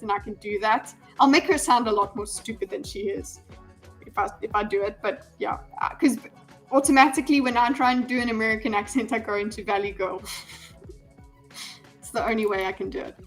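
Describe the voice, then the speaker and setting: A woman streamer with a somewhat high voice rambles casually to her viewers, stumbling through ums and restarts. Soft music plays faintly under her voice. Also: fairly even intonation, a little fast. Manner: chatty, talks straight to her viewers. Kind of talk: casual live-stream commentary. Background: faint background music.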